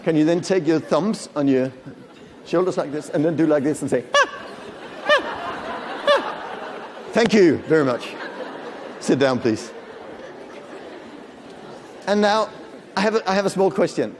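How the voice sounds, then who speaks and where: A man in his fifties gives a live lecture in a large conference hall, speaking conversationally, cracking jokes and quizzing the audience. His voice is a little high, animated and darkish, at normal speed with frequent pauses. Long hall reverb, some background chatter and slight noise are audible.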